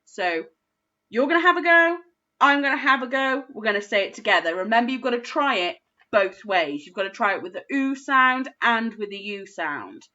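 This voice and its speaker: A woman teaching a recorded phonics lesson to young children, slowly sounding out each word in a patient, encouraging way. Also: on the high side, animated, pushed and bright, muffled recording. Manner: slow, patient, sounding out words. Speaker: primary school teacher.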